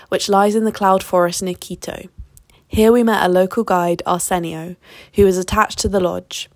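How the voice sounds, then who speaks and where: A woman telling a personal travel adventure in a measured, vivid way. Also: medium pitch, gravelly, dry recording. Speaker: storyteller. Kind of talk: narrating a personal travel story.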